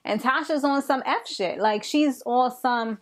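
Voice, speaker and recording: A young woman with a fairly high voice recaps a TV episode in a loose, casual way. She tells it with animated, slangy energy, as if chatting with a friend. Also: unhurried. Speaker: TV recap vlogger.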